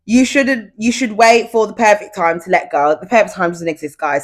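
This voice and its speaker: A woman's voice: fairly low pitch, lively intonation, a little fast. A young woman hosting her own podcast at home, talking casually and confidingly straight to her listeners. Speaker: podcast host. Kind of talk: casual solo podcast chat. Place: at home, indoors.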